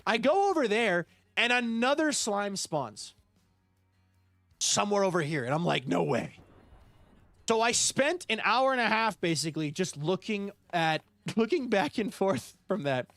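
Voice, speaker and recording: A man's voice: sits high, very animated, moderate pace, fairly bright tone, dry recording, faint music behind. A man streaming a building game live, chatting casually and reading out and thanking viewers by name. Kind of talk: live gameplay stream chat.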